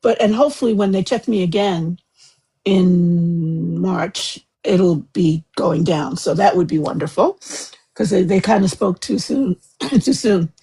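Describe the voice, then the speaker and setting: A woman's voice: lowish voice, a little slow, warm tone, slightly rough. A woman hosting a casual livestream chat, rambling and chatty, laughing often. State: eyes watering from chemo. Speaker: livestream host.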